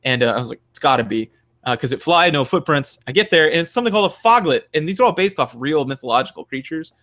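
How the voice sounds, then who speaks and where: A man's voice: a little high, expressive, quick pace, a bit bright. A young man from Mississippi, a podcast host, chatting casually and acting out the voices in his stories. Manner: rambling storyteller, acts out quotes. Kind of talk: casual chat.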